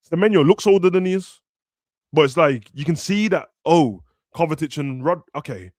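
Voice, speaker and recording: Young male football podcast host, animated slang, dry close sound. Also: a little high, normal speed, no room sound. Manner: animated, slangy, acts out players in raised voices. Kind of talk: casual football chat.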